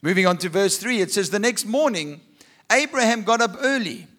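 A man's voice: high voice, lively intonation, moderate pace, a bit bright. A man preaching a sermon, reading scripture and asking rhetorical questions with humorous asides. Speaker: pastor.

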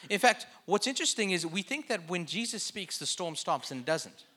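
A man's voice: high voice, sing-song, brisk, bright, forceful tone. A man preaching a sermon in a conversational way, with joking asides.

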